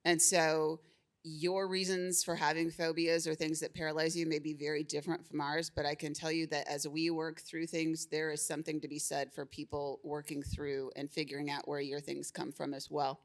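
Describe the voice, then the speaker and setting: A woman speaking on a live conference panel, telling stories in a lively way with easy laughter. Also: low-pitched, normal speed. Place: conference stage.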